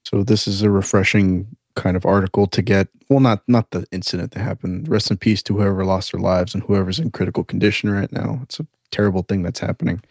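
A low-voiced man on a podcast, talking earnestly and thinking out loud. The recording is close and dry, with no room sound. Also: fairly even intonation, fairly quick, few pauses, dry recording. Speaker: podcast co-host. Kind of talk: casual podcast chat.

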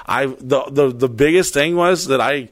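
A man's voice: mid-range voice, normal speed, no echo, studio quality. Profane, rambling man telling a story. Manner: profane, rambling, animated retelling with quoted voices. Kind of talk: casual storytelling chat.

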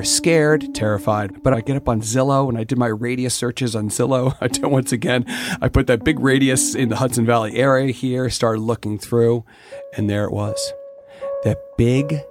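A middle-aged man telling his own story in a casual interview, candid and animated, cursing freely. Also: medium pitch. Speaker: interview guest, distillery owner.

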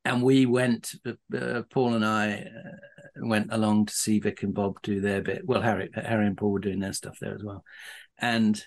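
A man's voice: lowish voice, little pitch movement, normal speed, darkish tone. A middle-aged man, a podcast guest, telling casual anecdotes in a rambling way with many restarts and chuckles.

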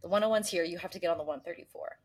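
A young woman from the US East Coast, co-hosting a podcast in casual chat and telling animated stories, mimicking voices and gasping. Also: on the low side, very fast, breathy edge. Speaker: podcast co-host.

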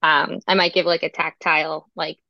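A woman co-hosting a casual podcast, swapping stories from her work as a clinician. She sits on the low side and talks animatedly, peppering every sentence with "like." Her sound is dry and slightly dull, a little muffled. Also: normal speed, dry recording. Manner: animated storyteller, many "like"s. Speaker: speech-language pathologist, podcast co-host.

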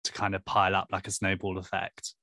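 A man's voice: low voice, completely flat delivery, brisk, bright, forceful tone, no echo. A man hosting a podcast interview, conversational and agreeable with a teasing edge. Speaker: podcast host, editor.

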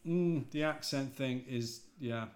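An English preacher with a North Midlands accent, chatting casually and rambling, often correcting himself mid-sentence. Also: male voice, medium pitch, slow. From England. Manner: relaxed, rambling, self-correcting. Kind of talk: casual podcast chat.

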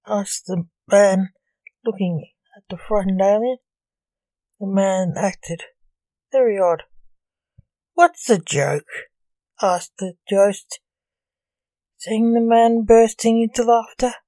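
Woman narrator, gothic story podcast, slow, measured, mellow tone, dry close sound. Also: medium pitch, fairly even intonation, no echo.

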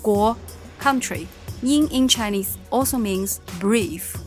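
A woman teaching a language lesson, patiently giving short confirmations and modeling phrases slowly. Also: mid-range voice, faint music behind.

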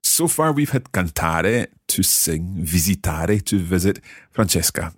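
A man teaching a language lesson, patient and encouraging, slowing down to model pronunciation. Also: deep voice, animated, slightly rough, no echo, studio quality. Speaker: language teacher and podcast host.

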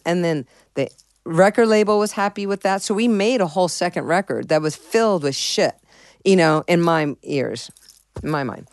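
Low-voiced woman telling candid stories. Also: normal speed, dry recording, studio quality. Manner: rambling, profane, many restarts and fillers. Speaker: musician guest. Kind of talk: candid interview storytelling.

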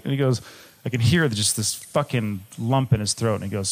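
A man's voice: medium pitch, expressive, moderate pace. A young man from Michigan telling a personal story on stage, candid and swearing freely, moving between jokes and gravity. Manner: candid, swearing, shifts from jokey to grave. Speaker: live storyteller.

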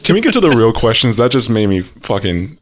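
A man's voice: on the low side, sing-song, a little fast, slight background noise. A man in a casual podcast chat, playful and jokey, asking follow-up questions and riffing. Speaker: podcast co-host.

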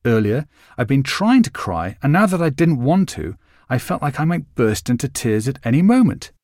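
Man reading a story aloud, lively sing-song delivery, dry close recording. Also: mid-range voice, moderate pace, no room sound. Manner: vivid, expressive storytelling. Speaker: narrator. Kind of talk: scripted first-person story reading.

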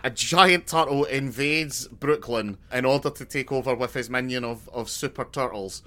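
A young man co-hosting a podcast, spinning rambling deadpan jokes in casual chat with frequent restarts. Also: medium pitch, moderate pace. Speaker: podcast co-host.

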